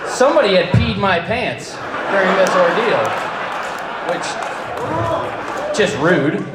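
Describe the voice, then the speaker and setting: A man telling a personal story live to an audience, with wry, deadpan humor and casual swearing. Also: sits high, slow, roomy sound, very noisy. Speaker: storyteller at a campfire event.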